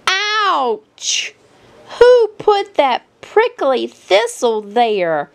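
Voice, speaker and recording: Woman reader as little girl rabbit: clumsy, eager, giggly storybook child, very slow, high. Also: exaggerated voice. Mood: frustrated. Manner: bright excited childlike squeals.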